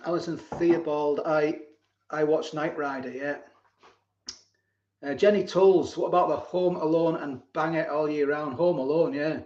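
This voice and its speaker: A man's voice: on the high side, steady tone, measured pace, darkish tone. A man, hosting a casual live stream, reading out viewer comments and laughing often as he reminisces. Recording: roomy, slightly dull live-stream audio.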